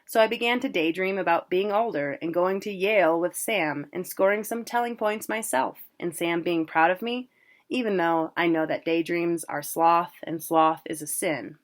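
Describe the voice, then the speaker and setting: A woman reading a first-person novel aloud in a plain, unhurried way. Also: on the low side. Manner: plain, unhurried, with casual asides about pronunciation. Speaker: reader.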